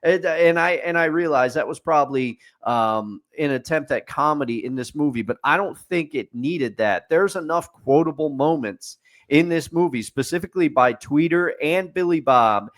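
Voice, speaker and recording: A man with a fairly high-pitched speaking voice, talking through a movie in relaxed podcast chat. He is opinionated and builds his case point by point, ticking items off like a checklist. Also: normal speed. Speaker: podcast co-host. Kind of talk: casual movie review chat.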